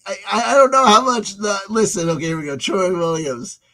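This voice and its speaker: A man talks into a desk mic on a livestream, wandering from thought to thought and answering chat as it comes. His voice sits a little high, and he often stumbles and repeats words before picking up the thread. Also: animated, a little fast, crowd noise, low-quality recording. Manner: meandering, self-interrupting, repeats words. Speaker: channel host reading live chat. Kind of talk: rambling livestream commentary.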